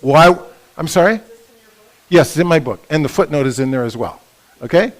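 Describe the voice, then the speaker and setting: An older man teaching a Bible session at a couples retreat, lively and often checking in with the audience. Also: on the high side, moderate pace, poor audio. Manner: lively, asks the audience for agreement. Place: conference room at a resort.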